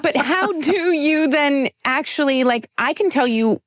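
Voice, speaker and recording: A woman's voice: high voice, lively intonation, unhurried, no room sound, studio quality. A woman hosting a casual interview, asking enthusiastic, rambling questions full of "like". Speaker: podcast host.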